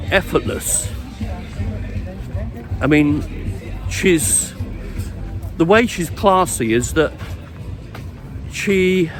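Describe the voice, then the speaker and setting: Middle-aged man rambling over background music. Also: medium pitch. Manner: reflective, meandering, with many fillers and restarts. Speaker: vlogger on dating. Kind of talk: rambling anecdotal storytelling. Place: outdoors on a street, walking.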